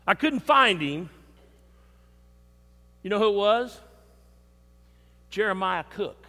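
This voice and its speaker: An older man preaching a sermon in a church, emphatic, with swings between loud and soft. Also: high-pitched, animated, takes it slowly. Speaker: pastor. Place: church sanctuary. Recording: long hall reverb.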